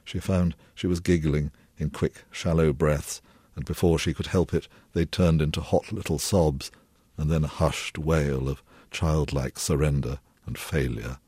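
A novelist reading a passage of his own fiction aloud in a measured, low-key way. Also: steady tone, a little mellow, slightly rough, dry recording, studio quality. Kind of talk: literary reading.

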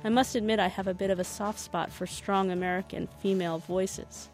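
A woman's voice: medium pitch, steady tone, brisk, darkish tone, faint music behind, natural voice. A woman voicing a shy, patient English male novelist with an English accent, speaking politely in a read-aloud story. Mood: friendly. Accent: English, put on.

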